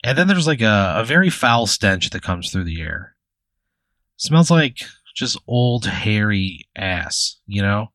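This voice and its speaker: Bright-voiced man running a tabletop game. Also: on the low side, sing-song, slow, no echo. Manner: casual, full of "like" and "you know". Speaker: game master. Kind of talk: narrating an improvised tabletop game.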